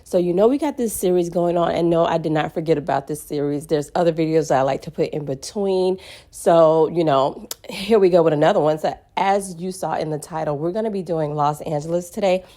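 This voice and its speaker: Woman, channel host, casual vlog intro, chatty, lowish mellow voice. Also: fairly quick. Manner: chatty, friendly greeting, laughs easily.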